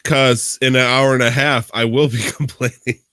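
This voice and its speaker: A man's voice: mid-range voice, fairly even intonation, moderate pace, pushed and bright, clean tone, dry recording. Young male podcast host, playful and ribbing, dry close mic. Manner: joking, teasing, hypes himself up. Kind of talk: casual podcast chat.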